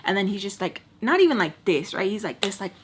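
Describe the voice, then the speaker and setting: A woman's voice: medium pitch, sing-song, brisk, a little hiss or hum. A young woman vlogger chatting to her viewers, casual and blunt, with free swearing. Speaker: storytime vlogger. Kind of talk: casual storytime while doing makeup.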